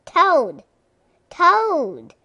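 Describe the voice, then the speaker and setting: Brief: bright eager frog read by a woman, calls out excitedly, very unhurried delivery, dry close sound. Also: on the high side, no echo, muffled recording. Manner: excited calling. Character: eager cheerful male frog.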